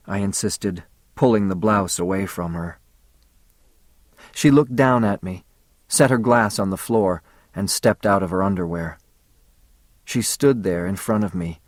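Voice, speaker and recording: A man narrating a story in the first person, in a measured, intimate audiobook reading. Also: sits low, no room sound, studio quality.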